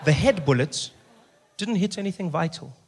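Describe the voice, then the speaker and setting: A man with a South African accent telling a stand-up story, acting out every character's voice in an animated way. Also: fairly high pitch, moderate pace, a little hiss or hum. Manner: animated, acts out voices in his stories. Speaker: stand-up comedian.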